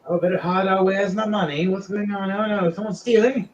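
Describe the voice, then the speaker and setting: A man's voice: fairly even intonation, a little fast, a little mellow, roomy sound, lo-fi sound, a little hiss or hum, lightly acted. A man voicing a fussy merchant who frets in a raised voice. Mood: panicked. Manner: fretful, raised pitch. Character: panicky fussy male merchant.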